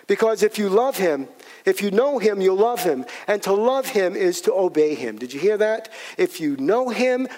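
A man's voice: sits high, darkish tone. A middle-aged male pastor preaching a sermon, telling stories animatedly and repeating key lines for emphasis.

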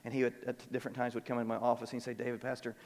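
Earnest pastor preaching in reverberant sanctuary. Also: male voice, mid-range voice, completely flat delivery, rapid-fire. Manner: earnest, repeats words, swings between soft and emphatic. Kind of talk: sermon. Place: church sanctuary.

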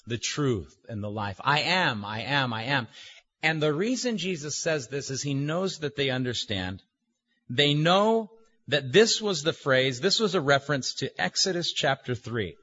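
Slow, emphatic husky male preacher. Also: fairly high pitch, lively intonation, sharp tone. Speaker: pastor. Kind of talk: sermon. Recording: dull lo-fi recording.

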